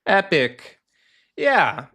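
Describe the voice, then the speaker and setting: A man hosting a casual solo show, ranting and telling work stories in an animated way, acting out the people he quotes. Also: high voice, very slow, creaky. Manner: animated storytelling, acts out quoted callers. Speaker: podcast host. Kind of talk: casual solo rant, reading posts aloud.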